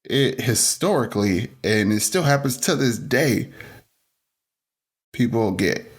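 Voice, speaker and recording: A man's voice: mid-range voice, takes it slowly, slightly rough. A man co-hosting a podcast, telling stories in casual chat, acting out quoted voices and swearing freely. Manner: animated, acts out quoted voices. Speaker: podcast co-host.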